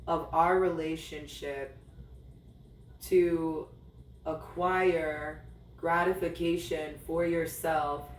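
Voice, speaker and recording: A high-pitched man recounting his own story for a podcast in a blunt, profane way, as if talking straight to his ex. He takes his time with each thought. The room is echoey and he sits back from the microphone. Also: recorded from a distance, a little hiss or hum. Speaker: podcast host. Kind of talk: candid storytelling monologue. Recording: roomy, a little off-mic.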